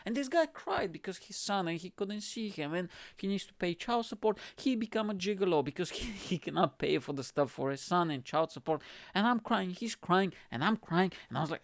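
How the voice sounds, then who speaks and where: A man hosting his own show, talking in a casual, rambling and animated way, swearing and laughing often. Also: sits high, moderate pace, no echo. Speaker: podcast host. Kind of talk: casual solo commentary.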